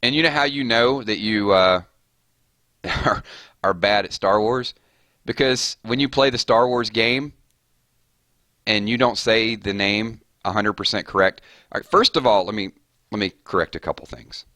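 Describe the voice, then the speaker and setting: A man's voice: on the low side, normal speed, bright, forceful tone, no room sound, clean studio sound. A man chatting casually with his viewers while live-streaming a game, rambling off on tangents. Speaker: gaming streamer.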